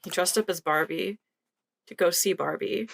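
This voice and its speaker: A woman's voice: fairly low pitch, normal speed, gravelly, slightly rough. A woman from Philadelphia co-hosting a podcast, chatting casually and giggling as she tells stories with enthusiasm. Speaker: podcast co-host. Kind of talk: casual chat.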